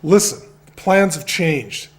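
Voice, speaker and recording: A man doing a scheming small-town blackmailer, sly drawl, fairly high voice, lively swings, comic radio soap. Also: slow. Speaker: radio drama actor.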